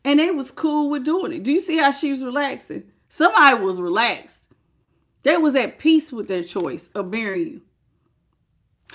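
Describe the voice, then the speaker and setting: Higher-voiced woman doing a live tarot reading, chatty, laughs a lot, greets viewers, repeats her points. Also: expressive, normal speed, fairly bright tone. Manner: emphatic, repeats key phrases. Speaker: tarot reader.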